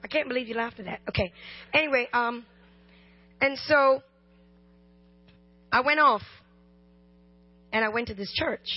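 A woman's voice: a little high, unhurried, long pauses. A woman preacher giving a sermon with personal testimony, humorous and impassioned, talking straight to the congregation. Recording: dull lo-fi recording.

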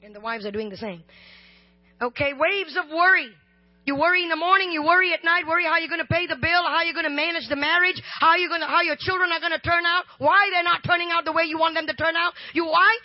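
Very high-voiced woman preaching, shouting at peaks. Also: no echo. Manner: swings from chatty, joking asides to loud, slow shouting. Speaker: guest preacher. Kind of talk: sermon. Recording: slightly dull, dry sound.

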